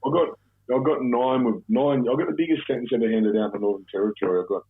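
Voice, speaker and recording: A man's voice: mid-range voice, quick pace, a crowd in the background. A man with an Australian accent telling a rambling, profane story in casual chat, with many restarts. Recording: tinny phone-like audio.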